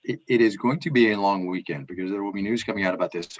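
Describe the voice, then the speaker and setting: A man co-hosting a casual news chat, talking emphatically with loud and quiet swings. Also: fairly low pitch, very fast, lo-fi sound. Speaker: co-host.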